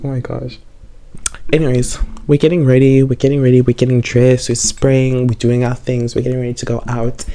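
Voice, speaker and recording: A man's voice: medium pitch, warm tone. A young man in a casual storytime chat, a bit tipsy from wine, rambling and repeating himself as he tells the story. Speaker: vlogger.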